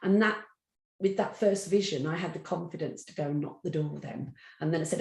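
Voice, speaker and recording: Speaking briskly, with a low, darkish voice and vocal fry, a middle-aged Midlands woman recounts anecdotes as a guest in an interview. She is a psychic medium and acts out the characters' voices. The room sounds echoey.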